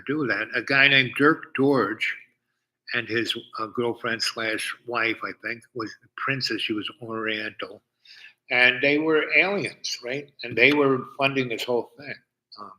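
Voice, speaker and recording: An older man from New York telling a long personal story in a halting way, full of fillers and restarts. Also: mid-range voice, sharp tone, poor audio. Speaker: storyteller host. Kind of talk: rambling personal anecdote.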